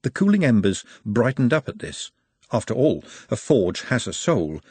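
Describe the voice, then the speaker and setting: Man, audiobook narrator, wry even reading, husky, lively pitch, dry close sound. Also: moderate pace, no echo. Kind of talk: scripted storybook narration.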